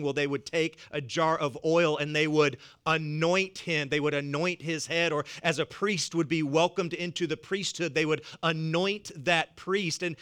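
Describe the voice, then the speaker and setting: A man's voice: on the high side, sharp tone, clean tone. A man with a Southern US accent preaching a sermon as pastor, emphatic and repeating words for weight, chuckling between points. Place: church.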